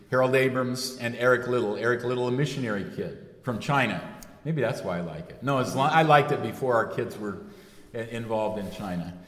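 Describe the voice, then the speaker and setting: A man giving a sermon, speaking loosely and correcting himself often with fillers. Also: medium pitch. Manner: rambling, self-correcting with frequent fillers. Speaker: preacher. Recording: echoey hall with long reverb.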